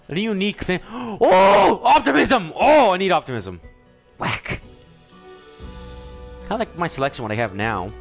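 A young man giving let's-play commentary, excitable and joking, often yelling and reacting loudly. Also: fairly low pitch. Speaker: gaming YouTuber.

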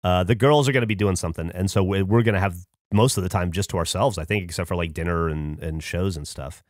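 A man in a relaxed podcast chat, close to a studio mic in a dry, dead-sounding room. He rambles through his ideas, swears freely and breaks into laughs. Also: low-pitched, fast, dry recording. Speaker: podcast co-host. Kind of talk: casual chat.

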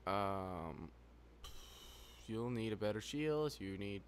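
A man's voice: lowish voice, lively intonation, takes it slowly. Sarcastic man joking over gameplay. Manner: sarcastic, rambling, self-mocking jokes. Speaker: gameplay commentator. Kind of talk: casual let's play commentary. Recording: noisy game audio behind.

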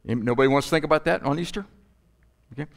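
Man preaching an animated sermon. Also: a little high, fast talker, creaky. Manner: animated, rhetorical questions, playful asides. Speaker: pastor. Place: church.

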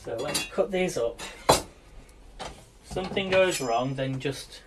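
A man's voice: on the high side, animated, slow pace, slight background noise. A British man hosting a live cooking stream, chatting in a rambling way and often addressing viewers as guys. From Britain. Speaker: cooking livestream host. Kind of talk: casual live cooking demo.

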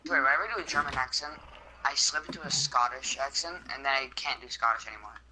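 A man's voice: mid-range voice, fast, crowd noise, low-quality recording. A man streaming a block-building game, talking casually, frantic and swearing often. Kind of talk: casual gaming stream chat.

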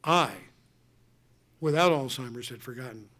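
A man's voice: medium pitch, normal speed. Earnest older man telling family stories. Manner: earnest, animated, with many restarts. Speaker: speaker answering audience questions. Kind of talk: emotional personal storytelling. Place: conference hall.

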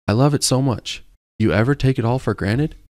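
A man voicing a bubbly young woman supermodel who talks in a bright, bouncy, teasing way. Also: fairly low pitch, flat delivery, a little fast, gravelly, no echo, clean studio sound. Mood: delighted.

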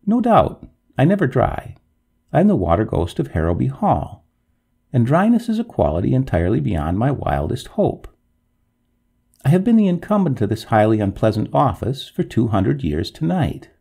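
A man's voice: medium pitch, huge pitch swings, moderate pace, creaky, dark tone, breathy edge, pitched above the performer's own voice, full character voice. A man voicing an indignant drowned young woman ghost, who talks in a prim, formal, reproachful way with a gargling sound. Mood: haughty.

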